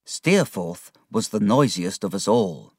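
A man narrating a storybook in a slow, clear, expressive reading. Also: on the low side, no room sound, clean studio sound. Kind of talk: storybook narration read aloud.

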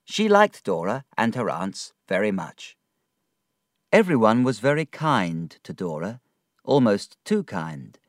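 A man narrating a storybook in a slow, expressive read. His voice rises and falls a great deal. The recording is close and dry. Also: on the low side, no echo.

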